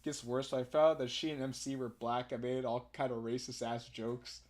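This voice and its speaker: A man streaming a visual novel game, reading it aloud and commenting in loud, laughing, profane banter. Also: mid-range voice, level tone, moderate pace. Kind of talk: live let's-play commentary.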